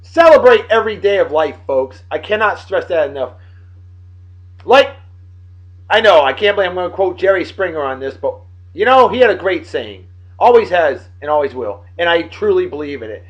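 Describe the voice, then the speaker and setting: Man, late 30s, beer vlog host; boisterous and self-hyping, slightly high voice. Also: big pitch swings, moderate pace, highs cut off. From Martha's Vineyard, Massachusetts. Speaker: host of a beer-of-the-day show. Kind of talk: casual beer-tasting vlog.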